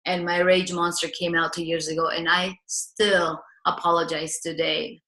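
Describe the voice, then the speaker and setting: A woman's voice: on the low side, flat delivery, moderate pace, bright, forceful tone, roomy sound. A woman relationship coach, talking earnestly to viewers and acting out the lines they should say.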